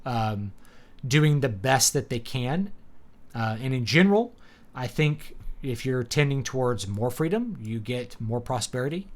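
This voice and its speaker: A man's voice: mid-range voice, fairly bright tone. A man hosting a casual live talk show, rambling and opinionated, with sarcastic asides and many fillers and restarts. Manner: sarcastic, laughs at his own points. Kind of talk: casual livestream chat.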